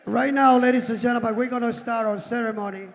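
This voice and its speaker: A man's voice: extremely high pitch, fairly even intonation, quick pace. A man hosting an awards ceremony, effusively thanking sponsors and calling out names to a live audience. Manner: effusive, warm thanks and roll calls of names. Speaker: event organizer and host. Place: large indoor event hall. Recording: long reverb of a large event hall.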